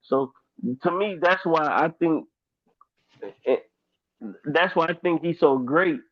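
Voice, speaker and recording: A man from Dayton, Ohio, co-hosting a podcast, rambling in an animated casual chat with lots of fillers. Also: a little high, takes it slowly, dry recording. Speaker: podcast co-host. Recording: dry, tinny phone-like sound.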